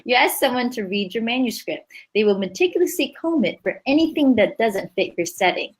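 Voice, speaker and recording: A woman's voice: fairly high pitch, animated, a little fast, husky, poor audio. A woman leading a writing workshop in a chatty, upbeat way, laughing easily as she explains. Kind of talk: casual teaching chat.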